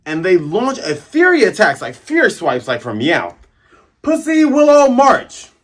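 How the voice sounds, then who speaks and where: A man hosting a casual manga chapter review, excitable and acting out the scenes as he describes them. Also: fairly high pitch, normal speed. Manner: animated, excitable, acts out scenes.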